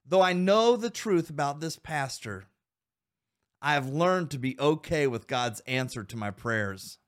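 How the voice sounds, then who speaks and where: An earnest male podcast host with a slightly high-set voice, urging his listeners on. He talks to them directly, calling them guys and men, and asks them one question after another. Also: animated, a little slow. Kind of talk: Christian men's podcast talk.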